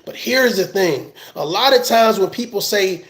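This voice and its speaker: A man giving a heated, scolding commentary rant, loud and emphatic, often laughing as he talks. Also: high voice, animated, normal speed, echoey room. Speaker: commentary vlogger.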